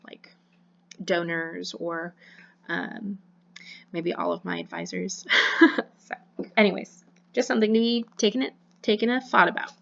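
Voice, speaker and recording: Casting: young woman instructor, bright tone with a gravelly edge, relaxed rambling lecture, slightly muffled lo-fi audio. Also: fairly low pitch, unhurried, pauses often. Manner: casual, chatty, many fillers and self-corrections. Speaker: college voice and diction instructor. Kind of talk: recorded online lecture.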